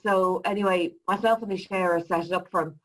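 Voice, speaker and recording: A woman on a video call telling an anecdote in an animated way. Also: on the low side, fairly quick, low-quality recording. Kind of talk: casual chat on video call.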